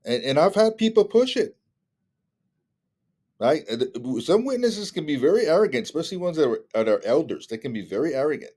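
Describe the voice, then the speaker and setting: A middle-aged male guest speaker, his voice a little high and a little fast, tells stories in casual conversation. He animatedly acts out other people's lines, shifting his voice for each.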